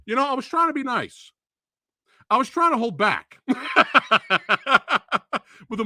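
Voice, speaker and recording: Male stream host, movie reviewer, lively swinging pitch, profane exasperated rant. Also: unhurried, long pauses, no echo, clean studio sound. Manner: profane, animated, exasperated ranting. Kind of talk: ranting live stream review.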